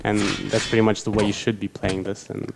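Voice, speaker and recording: Lower-voiced man, analytical game commentary. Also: fairly quick, gravelly. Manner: thoughtful, explaining, slight stammering restarts. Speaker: esports co-caster and player. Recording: steady background noise.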